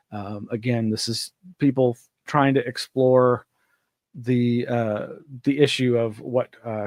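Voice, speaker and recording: A man's voice: medium pitch, dry recording. A male host giving casual news commentary in a chatty, meandering way. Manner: chatty, meandering, laughs often.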